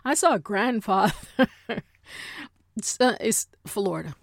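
A woman hosts a podcast with casual, comedic storytelling. She is animated and playful and often breaks into exaggerated voices to act out what other people said. Her voice sits at an ordinary pitch and is recorded close and dry, with no room sound. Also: slow, no echo. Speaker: podcast host.

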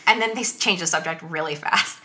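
A woman's voice: lowish voice, fairly quick, noisy background. A woman in a casual podcast conversation, bluntly telling stories and acting out what people say to her, laughing often. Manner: animated storyteller who acts out dialogue, laughs often, blunt.

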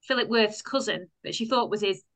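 A British woman co-hosting a podcast, chatting casually and telling animated stories with laughs. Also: medium pitch, fairly quick. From Britain. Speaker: podcast co-host. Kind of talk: casual chat.

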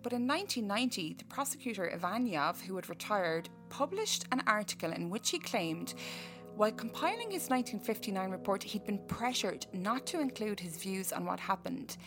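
A woman's voice: medium pitch, expressive, normal speed, a bit bright. Irish woman co-host, casual storyteller, reads notes and riffs, faint music behind. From Ireland. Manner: reads case notes then riffs with jokes. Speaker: podcast co-host.

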